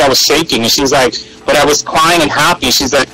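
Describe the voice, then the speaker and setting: A man guest telling animated stories in a casual interview, acting out what people said. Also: mid-range voice, fairly quick, few pauses, low-quality recording. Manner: animated, acts out quoted voices, frequent restarts. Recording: radio interview with loud music and crowd behind.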